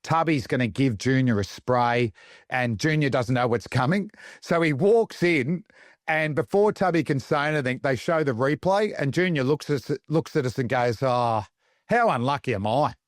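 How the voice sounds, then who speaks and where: A middle-aged Australian man, a former fast bowler, telling cricket stories on a podcast and acting out the quotes with laughs. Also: mid-range voice, dry recording, clean studio sound. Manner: animated storyteller, acts out quotes in other voices, laughs often. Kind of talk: casual anecdote-telling chat.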